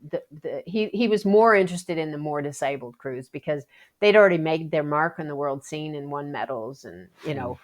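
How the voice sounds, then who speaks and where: A low-voiced, brisk Canadian woman appears on a casual podcast as a Paralympic athlete telling her story. Her storytelling is animated, with acted-out quotes and plenty of restarts.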